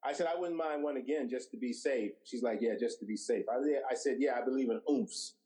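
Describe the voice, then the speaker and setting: Middle-aged man, mid-pitched voice, anecdotal storyteller, acts out dialogue. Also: a little fast, rough recording. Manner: animated storyteller who acts out quoted dialogue. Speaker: guest, TV director.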